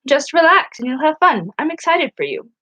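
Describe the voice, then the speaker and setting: This is a gentle, reassuring woman doctor from a storybook, as a woman reading aloud puts her on. Her voice sits high and bright, and it stays soft and encouraging throughout. The recording is dry and close. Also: big pitch swings, a little fast, dry recording, exaggerated voice, poor audio.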